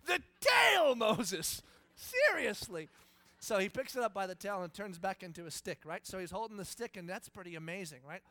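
This is a male pastor delivering a sermon in a church. His voice sits high and bright. He preaches in an animated, playful storytelling style and trades jokes with the congregation. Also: quick pace, hardly any pauses, no room sound.

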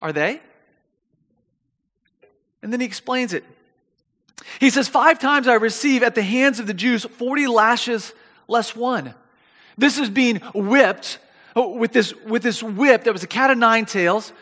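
A man preaching a sermon, animated and reading scripture aloud, often repeating his words. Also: very high voice, a little slow, long pauses, long reverb tail.

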